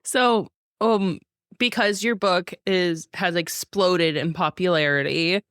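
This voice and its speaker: A woman in her thirties hosting a book podcast, relaxed and laughing along as she asks questions. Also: on the low side, takes it slowly, clear, resonant tone, no room sound, clean studio sound. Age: 30s. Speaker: podcast host. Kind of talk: casual interview chat.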